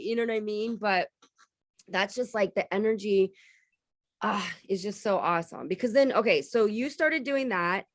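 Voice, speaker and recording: A woman co-hosting a relaxed podcast conversation, animated as she tells a story. She acts out the lines of the people she describes, with her voice rising and falling. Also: medium pitch, moderate pace. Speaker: podcast co-host. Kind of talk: casual chat.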